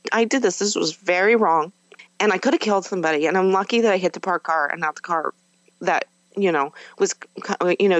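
A woman's voice: on the low side, dry recording, poor audio. Candid woman telling her story, dry sound. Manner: conversational, many fillers and self-corrections. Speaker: podcast guest.

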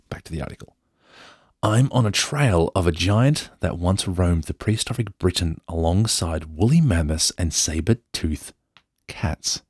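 A man's voice: sits low, a little mellow, slightly rough, dry recording, studio quality. An Australian man hosting a podcast, reading an article aloud in a casual way and breaking off for jokey asides. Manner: jokey, self-interrupting commentary. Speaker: podcast host. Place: indoor room.

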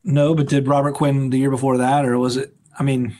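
A man's voice: mid-range voice, flat delivery, fairly quick, mellow. A man hosting a casual sports podcast, joking and rambling with a laugh. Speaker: podcast host.

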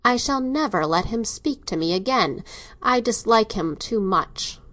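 A woman's voice: a little high, expressive, unhurried, a bit bright, voice pushed up. A woman reading the part of a domineering older male doctor in an audiobook, speaking in a dry, coolly sarcastic way. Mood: stern.

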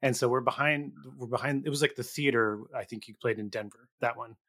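A man's voice: medium pitch, a little fast, sharp tone. A man hosting a podcast interview, asking questions and trading stories conversationally. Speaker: podcast host. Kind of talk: casual interview chat.

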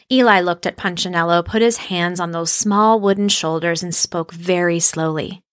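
A woman narrating a children's storybook aloud in an expressive storytelling manner. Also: on the low side, moderate pace, hardly any pauses, dry recording, studio quality.

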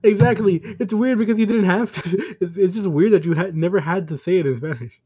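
A man's voice: high-pitched, brisk, warm tone, breathy edge. A man co-hosting a casual podcast, teasing a friend, laughing often and swearing casually. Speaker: podcast co-host.

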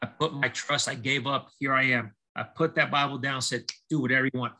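This rough recording features a middle-aged man, a baseball coach, talking a little fast at a medium pitch. As a podcast guest recounting his life, he acts out the conversations with animation and keeps restarting his thoughts, giving his interview the feel of storytelling testimony.

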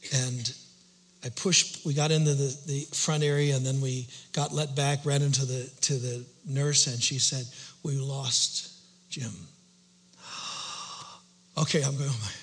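A middle-aged male pastor telling a personal story in a sermon, shifting between loud outbursts and hushed whispers. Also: medium pitch. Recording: long hall reverb, faint hum.

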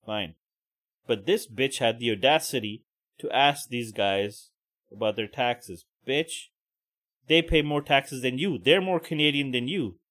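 A man's voice: medium pitch, unhurried, fairly bright tone. A man hosting a podcast, giving profane, heated, mocking commentary. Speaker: podcast host. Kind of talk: ranting commentary.

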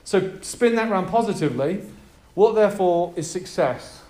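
A pastor delivering a sermon to a gathered group, emphatic and energetic, drawing in the audience with prompts and questions. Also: male voice, sits high, moderate pace, roomy sound.

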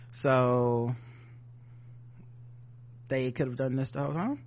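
A podcast co-host reads news headlines and then riffs on them, sardonic and profane in casual chat. He has a mid-range, slightly mellow voice, speaks slowly with frequent pauses, and there's slight background noise.

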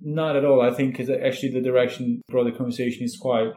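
A man who works as a therapist, a guest speaking in a measured, reflective and gentle way. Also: mid-range voice, fairly even intonation. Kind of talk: calm conversational interview. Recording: roomy, echoey sound.

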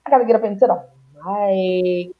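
A woman from Louisiana hosting a podcast in casual chat, playful and warm-hearted, singing out her greetings. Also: mid-range voice, fairly even intonation, normal speed. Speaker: podcast host. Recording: dull lo-fi sound.

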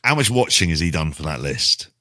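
A man's voice: a bass voice, big pitch swings, brisk, bright, forceful tone, no room sound, studio quality. A man in a casual podcast chat, blunt and sarcastic, swearing freely.

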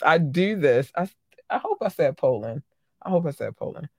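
A woman's voice: sits low, sing-song, normal speed, husky, no echo, clean studio sound. A woman hosting a podcast, chatting casually and gushing over her listeners with pet names, rambling with lots of fillers. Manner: effusive, gushing shout-outs with pet names. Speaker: podcast host.

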